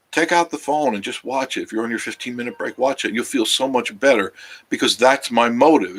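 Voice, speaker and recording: Sitting on a couch in a cabin living room, a tired man with a fairly low, fairly bright voice chats casually with viewers on a live stream. He rambles, loses his train of thought and circles back, friendly and easygoing in a travel-vlog style.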